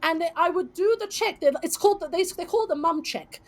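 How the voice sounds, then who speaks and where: High-voiced woman, lively storyteller. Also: fast talker. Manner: lively storyteller who swears freely. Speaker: podcast host. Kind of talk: casual chat.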